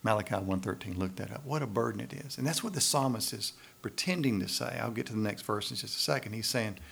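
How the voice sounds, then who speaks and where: Gravelly-voiced male preacher. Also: on the low side, quick pace, a bit bright. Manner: preaching with rising emphasis and frequent tag questions. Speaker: pastor. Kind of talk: sermon.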